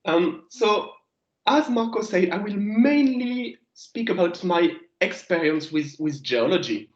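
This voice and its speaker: A French man in his thirties, a guest geologist giving a remote lecture to students, speaking English with a French accent, halting and restarting as he searches for words. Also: high-pitched, animated. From France. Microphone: video call. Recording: echoey, lo-fi video call audio.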